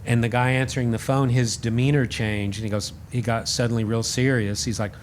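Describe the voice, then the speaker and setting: A man guest on a podcast, telling a story in a casual, animated and self-deprecating way, acting out the voices he quotes. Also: mid-range voice, brisk, a little hiss or hum. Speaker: podcast guest, radio host.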